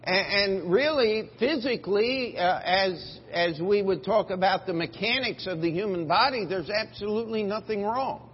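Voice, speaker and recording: Man, pastor, emphatic sermon, high voice, long hall reverb, faint background noise. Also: normal speed, few pauses, dull audio. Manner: emphatic preaching, rising for scripture quotes. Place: church sanctuary.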